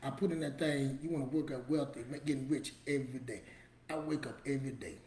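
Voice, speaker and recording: A man's voice: medium pitch, fast talker, mellow. A middle-aged man hosting a motivational show, talking casually and emphatically, repeating his points in a colloquial, preachy way. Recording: roomy echo with faint ambience.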